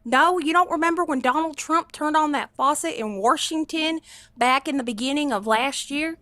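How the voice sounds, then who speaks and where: A woman putting on a Texas accent, playing a thirty-two-year-old Trump voter in a deadpan, rambling way. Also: high-pitched, normal speed, no room sound, voice pushed up. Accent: put-on Texas.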